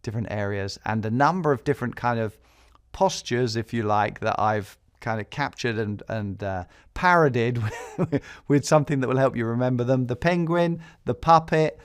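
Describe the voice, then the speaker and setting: A man's voice: mid-range voice, normal speed, smooth. A man hosting a podcast, talking in a chatty way with small laughs and fillers. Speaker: podcast host. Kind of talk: casual podcast talk.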